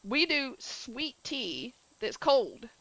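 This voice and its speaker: A woman chats casually with her stream as she plays, peppering her talk with filler likes. Her voice sits a little high and comes across bright and forceful. The sound is dry and close. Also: sing-song, extremely slow, dry recording, poor audio. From southern United States. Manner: chatty, answers chat, many filler likes. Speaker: gaming streamer. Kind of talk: casual chat while streaming a game.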